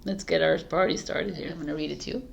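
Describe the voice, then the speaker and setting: A woman's voice: deep voice, fast, gravelly. Giggly, flustered woman tarot reader. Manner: giggly, flustered, restarting intro. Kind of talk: casual chat to camera.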